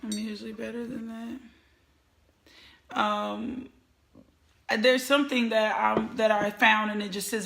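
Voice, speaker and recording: Bright-voiced woman hosting a live show. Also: medium pitch, level tone, a little slow, gravelly, echoey room. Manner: effusive, greets viewers by name. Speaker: talk show host. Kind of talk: casual live-stream chat. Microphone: webcam or phone camera.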